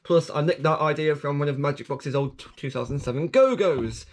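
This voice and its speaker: Running his own channel, this man works through updates and app reviews in a rambling way, full of restarts, self-corrections and jokes at his own expense. His voice is a little high and fairly quick.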